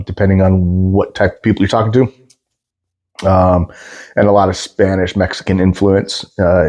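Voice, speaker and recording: A man from the Pacific Northwest with a general American accent, chatting casually with many fillers as he reacts to a video. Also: low voice. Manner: relaxed, explains at length with many fillers. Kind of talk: casual commentary.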